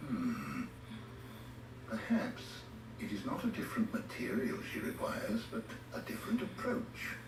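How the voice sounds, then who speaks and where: An actor playing an older male scholar who speaks in a measured, formal, musing way. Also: on the low side, huge pitch swings, background noise. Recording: echoey game audio from a TV, heard from far off.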